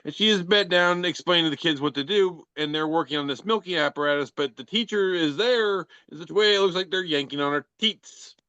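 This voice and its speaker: Man, podcast co-host, laid-back and wry, slightly high voice, dry lo-fi recording. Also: brisk, hardly any pauses, pushed and bright, clear, resonant tone, no echo. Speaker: podcast co-host reading memes. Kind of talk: casual comedic banter.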